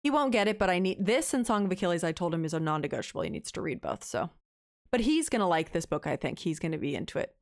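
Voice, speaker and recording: A woman's voice: fairly low pitch, quick pace. A young woman co-hosting a book club podcast, gushing emotionally and telling stories in casual chat. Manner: gushing, emotional, animated storytelling. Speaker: podcast co-host.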